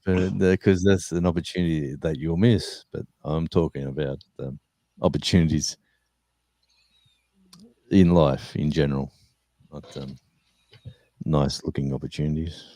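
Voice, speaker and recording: A man's voice: extremely low pitch, steady tone, unhurried, pauses often, dark tone, no echo. An older man hosting a live chat, telling rambling road stories with many restarts. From Australia. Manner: rambling anecdotes with restarts and laughter. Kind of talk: casual storytelling chat.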